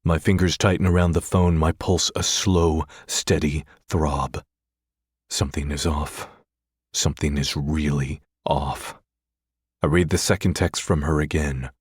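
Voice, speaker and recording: Very deep-voiced male audiobook narrator. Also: fairly even intonation, a little slow, slightly rough, no echo, clean studio sound. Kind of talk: first-person romance audiobook narration.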